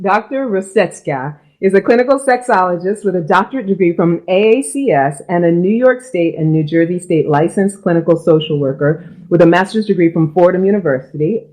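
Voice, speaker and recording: A woman with a lowish voice hosts a live-streamed talk show. She talks in a loose, chatty way and laughs often. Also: normal speed, darkish tone, poor audio. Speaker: host.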